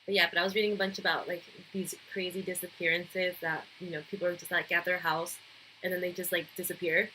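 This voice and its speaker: Woman co-host, kinda low but bright voice, chatty, faint room hum behind. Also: level tone, fast talker, poor audio. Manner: chatty, giggly, loose with details. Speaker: podcast co-host. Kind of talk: casual chat, storytelling.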